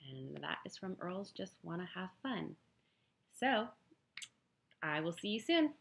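A woman reading a romance novel excerpt aloud in a smooth, steady storytelling manner. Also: lowish voice, a little slow, a little hiss or hum. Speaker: audiobook reader.

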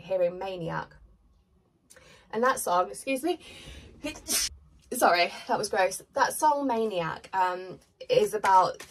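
Congested lady doing a tarot reading, husky, kinda far from the mic. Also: mid-range voice. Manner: chatty, rambling, filler-heavy. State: congested with a cold. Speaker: tarot reader. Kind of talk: pick-a-card tarot reading to camera.

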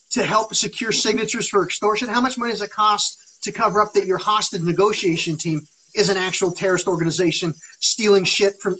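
A man's voice: sits high, a bit bright, slight background noise, rough recording. A man talking on a live stream in an agitated, rambling monologue, swearing heavily. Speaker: livestreamer.

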